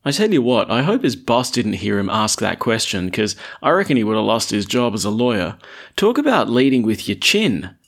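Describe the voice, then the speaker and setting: A man's voice: lowish voice, very animated, normal speed, vocal fry. A man, a priest reading the Gospel and then preaching a chatty, lightly humorous homily.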